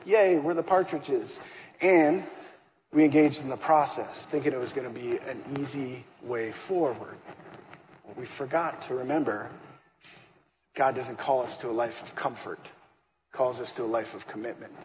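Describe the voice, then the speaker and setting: A man giving a lively faith testimony, acting out the dialogue as he tells his story. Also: mid-range voice, normal speed. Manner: animated, acts out dialogue. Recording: long hall reverb, slightly dull, faint hiss.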